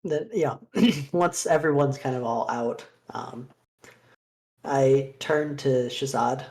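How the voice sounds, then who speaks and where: Slow, measured tabletop player. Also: mid-range voice, a little mellow. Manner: measured, clears throat often. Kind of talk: casual tabletop play.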